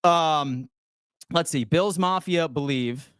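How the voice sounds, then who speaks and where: A man hosting a sports fan channel, ranting loudly and profanely while answering chat. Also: on the high side, takes it slowly, smooth, no room sound, clean studio sound. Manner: loud, profane, fired-up ranting. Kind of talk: fan rant reading chat.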